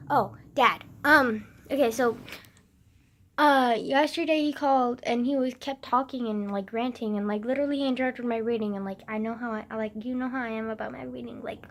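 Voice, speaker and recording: A woman's voice: on the high side, fairly even intonation, normal speed, a little hiss or hum. A young woman rambling in a casual vlog, self-mocking and swearing often, with lots of fillers. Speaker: vlogger.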